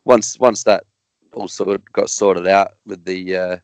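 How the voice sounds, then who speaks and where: An Australian man, a guest racer, chatting casually on a podcast in a halting, rambling way with many restarts. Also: sits low, fairly even intonation, a little mellow, clean tone, no room sound.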